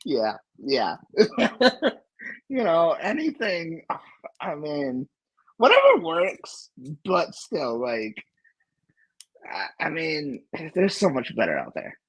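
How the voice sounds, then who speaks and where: A man's voice: on the high side, wildly swooping pitch, slow, pauses often, fairly bright tone, breathy edge, rough recording. A man hosting a casual tech livestream who talks animatedly, laughs often and trails off into restarts. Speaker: livestream host.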